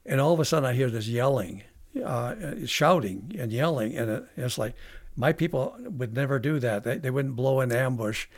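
A man, a veteran guest on a podcast, telling a long story in a halting way with many restarts. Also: mid-range voice, expressive, no echo. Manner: halting, with frequent restarts and fillers. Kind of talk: casual storytelling interview.

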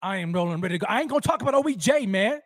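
Hyped, high-voiced man hosting a fan show. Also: animated, racing, a bit bright, dry recording, clean studio sound. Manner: hyped, rambling, repeats himself; slangy street talk. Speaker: sports show host. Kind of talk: live-streamed fan talk show.

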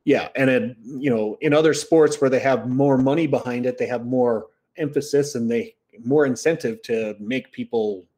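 A man's voice: medium pitch, normal speed, hardly any pauses, darkish tone. Rambling male sports co-host. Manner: conversational, agreeable, rambling. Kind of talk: casual sports chat.

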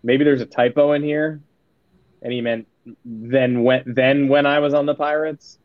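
A man's voice: mid-range voice, fairly even intonation, a little slow, dry recording. A man co-hosts a casual sports podcast, rambling with a sarcastic edge. His voice sits in a middle register. The recording is muffled and dry. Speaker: podcast co-host. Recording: dull, dry sound.

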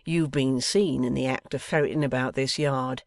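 A man doing a gravelly gloating blackmailer. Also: medium pitch, steady tone, no room sound, clean studio sound, natural voice. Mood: menacing. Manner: menacing, deliberate, turns w for v. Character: grasping one-legged scheming male blackmailer.

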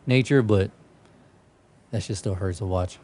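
A man's voice: sits low, a little slow, dark tone. A young man hosting a podcast, telling stories in a casual, profane way and often breaking into laughter. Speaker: podcast host. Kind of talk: casual chat.

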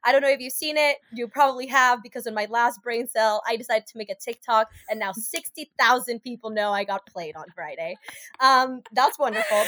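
High-voiced chatty young woman. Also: brisk, no echo. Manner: animated, lots of fillers and swearing, acts out quoted voices. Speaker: podcast co-host. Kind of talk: casual storytelling chat.

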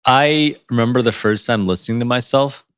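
A man co-hosting a podcast in casual chat, animated and quick to laugh. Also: mid-range voice, clear, resonant tone, dry recording, clean studio sound. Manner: animated, laughs often, words tumbling fast. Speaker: podcast co-host.

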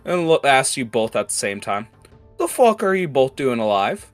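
A man's voice: medium pitch, very animated, moderate pace, soft background music, voice pushed up, close to an everyday voice. A man doing a furious cursing dwarf foreman. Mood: mocking. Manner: yelling, cursing, bossy. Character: short, furious male dwarf foreman, bullying.

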